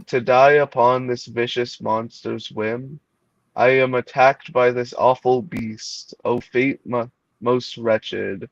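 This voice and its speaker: A man's voice: mid-range voice, no echo, highs cut off. A man voicing a frightened young hero, declaiming melodramatic archaic verse.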